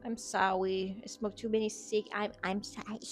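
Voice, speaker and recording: A woman rambles through a silly, self-mocking outro, tripping over her words as she jumps from one absurd aside to the next. Her pitch sits in a middling range, and faint background music plays under her voice. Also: little pitch movement, normal speed. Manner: playful, absurd, stammering asides. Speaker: YouTube host.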